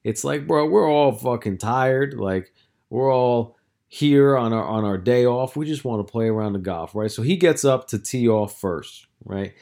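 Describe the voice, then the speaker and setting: Young man, solo podcast host, casual storytelling, swears constantly, rambling, mid-pitched voice. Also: lively intonation, measured pace, vocal fry, dark tone. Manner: profane, rambling, heavy filler words.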